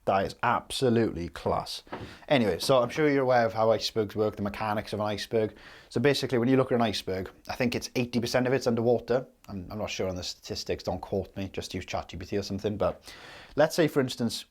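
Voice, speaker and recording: A man teaching sales at a whiteboard, his voice sitting on the lower side. He talks straight to the point and keeps checking in with a quick "okay?" or "right?". It comes across as casual, hands-on coaching.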